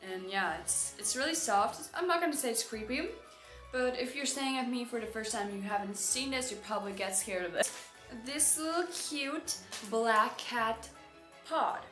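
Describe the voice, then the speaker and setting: A woman's voice: a little high, fairly bright tone, roomy sound. A teenage girl vlogging from her bedroom, chatty and upbeat as she shows off her decorations. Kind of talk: casual vlog narration.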